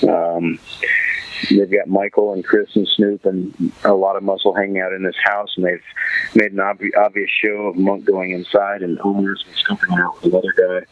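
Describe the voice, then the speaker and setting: A man's voice: low-pitched, flat delivery, normal speed, highs cut off. A man hosting a podcast, casually recapping a TV episode, rambling and thinking aloud with many fillers. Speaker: podcast host.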